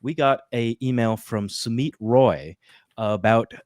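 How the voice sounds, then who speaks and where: A man's voice: mid-range voice, slow, darkish tone, dry recording. A man hosting a podcast in casual chat, rambling along with plenty of fillers. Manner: chatty, rambling with many fillers. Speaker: podcast host.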